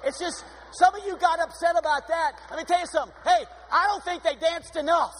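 A man preaching a sermon in an energetic, exuberant way, with sudden swings in pitch. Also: fairly quick, a little hiss or hum. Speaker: pastor. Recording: long hall reverb.

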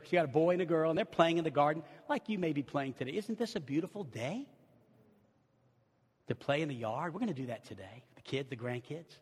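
An older male pastor preaching in an old-timey style, his voice sitting high for a man. He drops to a hush for stories, then rises to ringing shouts. His words roll around a big church hall with a long echo. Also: breathy edge. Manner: old-timey preaching, swinging from hushed storytelling to shouted exclamations. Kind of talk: sermon. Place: church sanctuary.

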